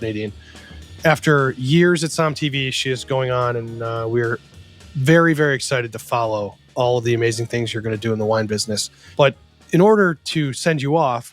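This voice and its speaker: A man hosts a casual podcast, trading jokes and openly sentimental. His voice sits at an ordinary middle pitch. The recording is dry and close, with faint music underneath. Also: no room sound. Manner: warm, joking, openly sentimental. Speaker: podcast host.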